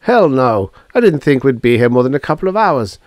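A man voicing a gruff, excitable male space salvager who complains a lot. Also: mid-range voice, brisk, no room sound, studio quality, pitched above the performer's own voice, natural voice. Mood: alarmed.

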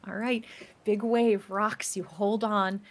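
A woman narrating a tabletop role-playing game as game master, describing scenes in an unhurried way with many fillers and restarts. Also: mid-range voice, steady tone.

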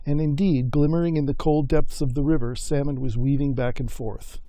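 A man telling a folk myth in a folksy, unhurried way, recorded on a close mic. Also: mid-range voice, fairly even intonation, mellow, no echo. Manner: folksy and unhurried, with voiced characters. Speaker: storyteller. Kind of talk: oral storytelling of a folk myth.

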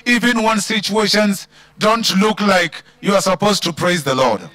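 A man with a South African English accent preaching a church sermon, drawing out key words with slow emphasis and calling out hallelujah. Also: sits high, expressive, a bit bright, dry recording. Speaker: pastor.

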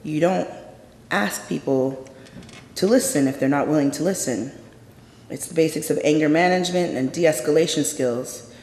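A storyteller performing a true personal story live on stage, intense and measured, going hushed in the quiet moments. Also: medium pitch. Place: stage in a large hall. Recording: roomy hall with long reverb.

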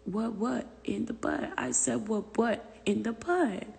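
Husky woman chatting loosely on a livestream. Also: on the high side, measured pace, darkish tone, long reverb tail. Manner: loose, profane, rambling, drops to whispers. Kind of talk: casual livestream chat, reading comments. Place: family room at home.

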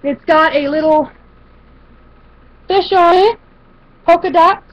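Chatty high-voiced woman showing a haul. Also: takes it slowly. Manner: chatty, rambling with frequent fillers and restarts. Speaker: vlogger showing a shopping haul. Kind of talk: casual chat to camera. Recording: dull lo-fi home video audio.

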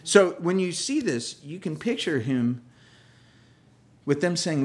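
A man's voice: on the high side, slow pace, long pauses. A male pastor giving a conversational sermon, telling the story with humor and acting out the characters' lines. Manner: lively storyteller, acts out quoted voices, self-deprecating humor.

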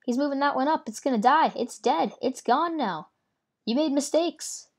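A woman casually commenting on her own card game as she plays, thinking out loud and teasing her opponent. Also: high voice, normal speed. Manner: chatty, thinks aloud, playful trash talk. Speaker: gameplay commentator. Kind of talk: casual let's-play commentary.

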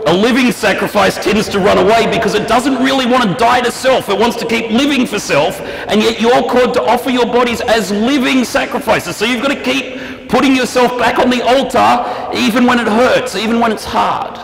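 A man preaching a sermon, animated and acting out prayers and quoted lines in shifting voices. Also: extremely high pitch, fairly quick, creaky. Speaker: pastor. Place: church hall. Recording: echoey church hall, long reverb.

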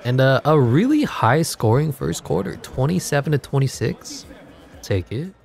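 A man giving jokey, excitable play-by-play over a video game, his voice congested and wearing out, breaking into sudden yells. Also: mid-range voice, moderate pace, vocal fry. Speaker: gaming commentator. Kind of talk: live game commentary.

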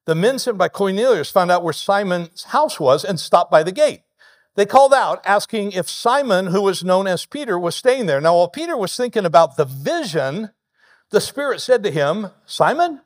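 A man pastor preaching a sermon, telling the story lively and acting out the people he quotes. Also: sits high.

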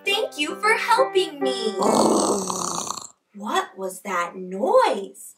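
A woman hosting a preschool learning video, speaking slowly in an exaggerated, sing-song teaching manner and praising the viewer often. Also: high voice, huge pitch swings, echoey room, distant mic, loud music behind the voice. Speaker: children's show host.

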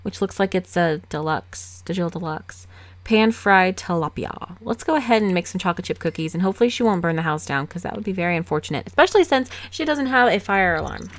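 A woman hosting a game let's play, chatting casually with quick laughs and sarcastic asides, recorded on a desk microphone at home. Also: lowish voice, animated. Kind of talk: casual gameplay commentary.

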